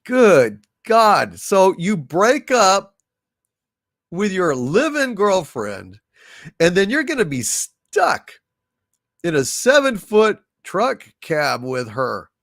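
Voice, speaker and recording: A sniffly man hosts a casual livestream and reads viewer messages aloud, breaking into loud exclamations between them. His fairly high voice swings widely in pitch while his pace stays slow and unhurried. The sound is dry and close. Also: huge pitch swings, gravelly, dry recording. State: sniffly and irritated throat from allergies.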